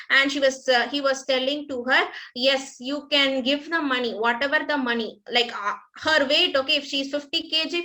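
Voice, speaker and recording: Bright high-voiced woman teacher. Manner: retells a story line by line, explaining each part simply with many fillers. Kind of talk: classroom story explanation.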